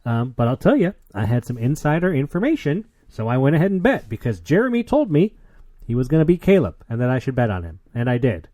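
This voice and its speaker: A man's voice: medium pitch, fast talker, dry recording. A man hosting a podcast in a casual, rambling monologue. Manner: chatty, rambling, animated. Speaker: podcast host.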